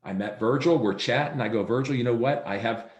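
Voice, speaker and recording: This training presentation on real estate sales comes from a man speaking fairly quickly at medium pitch over a video call, voicing the dialogue within his stories. The highs are cut off, and the room echoes noticeably.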